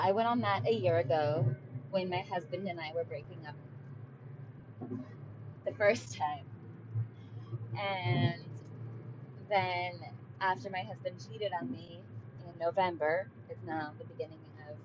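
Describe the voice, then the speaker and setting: A woman's voice: lowish voice, muffled recording, noisy background. A woman speaking casually to camera in a confessional vlog, full of fillers and "like". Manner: chatty, many fillers and "like". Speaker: vlogger.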